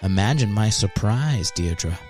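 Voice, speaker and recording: A man's voice: on the low side, animated, measured pace, music in the background. A man voicing a grandiose, lovelorn old-time male quarterback who speaks in flowery, archaic, melodramatic phrases, as a comedy bit.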